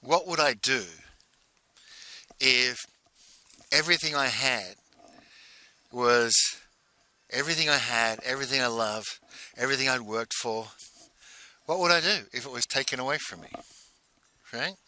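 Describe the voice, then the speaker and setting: A man telling a personal story in a casual, halting way, full of restarts and repeated words. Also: mid-range voice, sharp tone, no echo. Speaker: speaker recounting a personal exercise.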